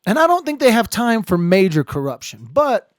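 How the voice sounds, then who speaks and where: A man hosting a casual live stream, rambling and joking, swinging between low muttering and loud outbursts. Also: very animated, normal speed, no echo, studio quality. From Ireland.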